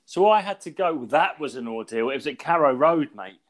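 A man with a fairly high voice spins a rambling story in casual podcast chat. His pitch swoops up and down as he gets worked up, and he swears freely along the way. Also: a little fast. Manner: animated, swearing anecdote-teller. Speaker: podcast co-host.

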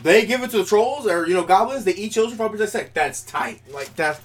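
A young man co-hosting a podcast, excitable and quick to laugh, swearing freely as he reacts. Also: sits high, a little hiss or hum. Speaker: podcast co-host. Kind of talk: casual chat.

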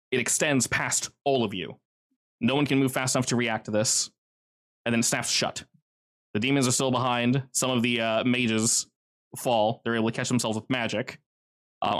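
Male game master, mid-pitched, casual and vivid narration with filler words. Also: fairly bright tone.

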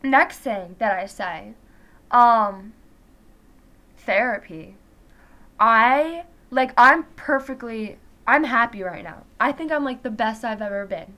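A woman's voice: on the high side, animated, takes it slowly, sharp tone. A teenage girl chatting casually in a vlog, rambling and peppering her talk with "like". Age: teens. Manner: rambling, full of "like" fillers. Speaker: vlogger.

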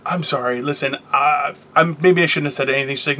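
A man's voice: a little high, fairly quick, pushed and bright. A man hosting a casual chat show from a car, joking, rambling and swearing freely. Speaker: podcast host.

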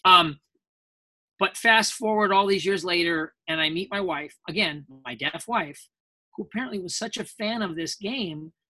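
A man's voice: sits high, normal speed, bright, forceful tone. A man, a voice actor guest in a casual interview, telling rambling anecdotes and acting out quoted voices along the way.

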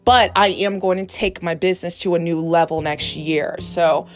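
A woman's voice: lowish voice, steady tone, normal speed, soft background music. A woman who is a psychic medium, talking candidly in a casual monologue, swearing freely and laughing often. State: gets emotional, near tears. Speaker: psychic medium and podcast host.

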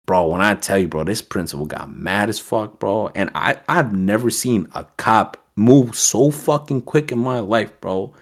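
A man's voice: on the low side, moderate pace. A man telling a story as a podcast guest, in a casual streetwise manner with heavy swearing. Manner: streetwise slang, heavy swearing, animated quoting.

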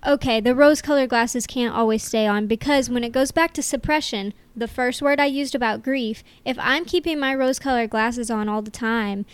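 Young woman with a smooth, dry voice. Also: fairly high pitch, dry recording. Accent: Midwestern American, Iowa. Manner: earnest, reflective, quick asides. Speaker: podcast co-host, granddaughter. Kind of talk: casual family podcast chat.

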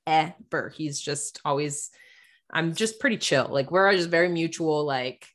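Low-voiced woman chatting candidly. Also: a little slow. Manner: candid, laughs often, swears casually. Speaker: podcast co-host. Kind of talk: casual chat.

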